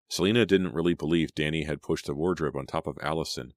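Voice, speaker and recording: Very deep-voiced male audiobook narrator. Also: no echo. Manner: measured storytelling. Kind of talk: scripted narration. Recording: dry close studio sound.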